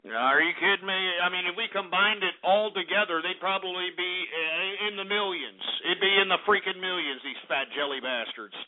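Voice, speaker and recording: Loud crude radio host guy, winded, high lively voice, tinny phone sound. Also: fairly quick, hardly any pauses. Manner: brash, profane, mocking. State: out of breath. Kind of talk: crude comedic call-in radio. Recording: tinny phone-line radio with faint music.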